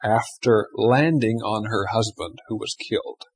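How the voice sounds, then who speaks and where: A man preaching a sermon, swinging between loud emphatic stretches and hushed, quiet asides. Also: on the low side, lively intonation, measured pace, breathy edge. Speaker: pastor.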